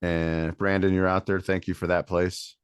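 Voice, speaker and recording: A man's voice: deep voice, level tone, normal speed, smooth, dry recording, clean studio sound. A man from Michigan, a band member guest, talking in a laid-back, rambling way in a casual interview.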